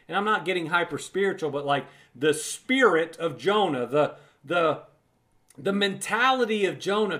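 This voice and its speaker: Preacher type, male, fairly high voice; fervent, conversational Bible teaching, leans on repetition. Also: animated, normal speed, fairly bright tone. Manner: emphatic, repeats words for emphasis; conversational, addresses listener as friend.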